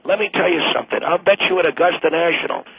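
Gruff elderly man on a tinny phone line. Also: a little high, fast talker, no echo. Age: 70s. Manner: blustery, crude and blunt. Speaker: retired attorney, radio guest. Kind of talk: call-in radio talk.

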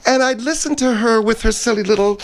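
A man plays a vain older woman singer in a comedy bit, holding forth in a high, pompous voice. She is theatrical and rambling, and sure of her own talent. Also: fairly quick, slight background noise. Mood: haughty. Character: vain, haughty older woman singer, a self-styled diva. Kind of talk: comedy sketch.

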